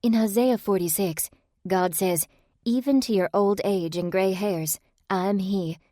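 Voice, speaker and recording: Casting: woman narrator voicing a gentle, devout churchwoman, dry close sound. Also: medium pitch, a little slow, no room sound, natural voice. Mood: reassuring. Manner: gently reassuring. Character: devout, affectionate woman quoting scripture.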